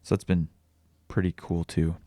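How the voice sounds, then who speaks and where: A young adult man talking candidly in a personal vlog, halting and confessional, swearing often. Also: low voice, level tone, dark tone, no echo. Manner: raw, halting, confessional, with frequent swearing and restarts. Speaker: vlogger and podcaster.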